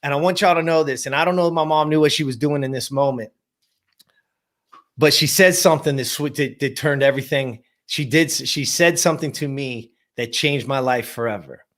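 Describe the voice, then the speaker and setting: A man's voice: mid-range voice, brisk, a bit bright. A man in his fifties, a guest telling a personal story in an emphatic motivational style, repeating words and addressing the audience directly. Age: 50s.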